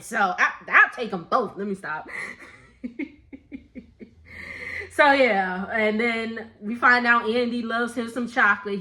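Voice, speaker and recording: This young woman is a reality TV recap vlogger, talking through a relaxed gossip rundown at a medium pitch. Her voice sounds pushed and bright, and she frequently laughs and imitates people playfully when quoting them.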